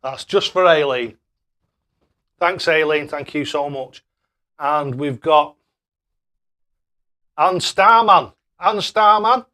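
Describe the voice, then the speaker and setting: Man, live stream host, casual chat, matey, slightly high voice. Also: slow pace, pauses often, bright, forceful tone. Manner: chatty, greets and thanks viewers by name; matey banter, calls people mate.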